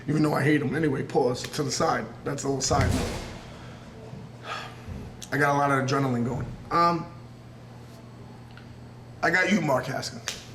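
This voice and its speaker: A man's voice: medium pitch, a bit bright, slight background noise. A man in his thirties with a New York accent, a professional wrestler giving a raw, unscripted promo interview in an earnest, intense, rambling way. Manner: earnest and intense, rambling, circling back on himself. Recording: roomy echo.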